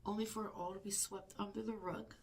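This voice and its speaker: Woman, live stream co-host, emotional, intense, slips into whispers, mid-pitched voice. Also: little pitch movement, quick pace. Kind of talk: emotional live reaction chat.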